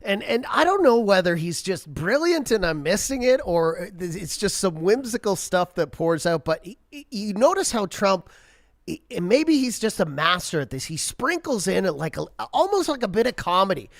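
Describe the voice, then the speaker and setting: High-voiced man co-hosting, hedging. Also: sing-song, moderate pace, no echo, clean studio sound. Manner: hedging, loose, full of "like" and false starts. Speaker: co-host. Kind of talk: casual political chat.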